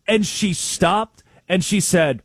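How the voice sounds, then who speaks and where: A man co-hosting a sports talk show, telling excitable stories and mimicking coaches with sudden outbursts. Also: high voice, slow, slightly rough, no room sound.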